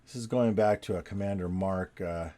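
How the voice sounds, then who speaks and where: Sitting at his desk, an artist drawing on video chats casually at a moderate pace in a low, warm, mellow voice. He rambles in a relaxed, talkative way, second-guessing and correcting his lines as he draws.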